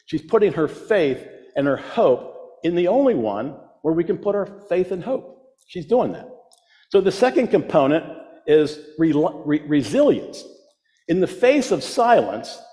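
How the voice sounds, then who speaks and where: A man's voice: sits high, a little mellow. A man preaching a sermon, emphatic, repeating his key phrases for weight. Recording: long reverb of a large hall.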